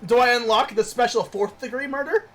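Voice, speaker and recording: A man streaming a video game, chatting and joking playfully with friends. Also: a little fast. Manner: playful, laughs often, animated pitch. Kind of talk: casual joking chat.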